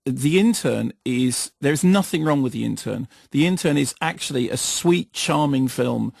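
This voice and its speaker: A man's voice: medium pitch, lively intonation, normal speed, vocal fry, a little mellow, dry recording. A man co-hosting a radio film show, talking emphatically with stammering restarts into a studio microphone. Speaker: film critic co-host. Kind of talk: radio chat.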